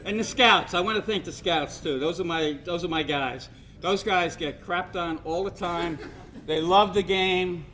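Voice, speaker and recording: A man's voice: high voice, measured pace, bright, forceful tone. A man gives a rambling, joking hall of fame speech full of anecdotes. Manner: rambling storyteller, self-deprecating jokes. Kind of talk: after-dinner speech with anecdotes.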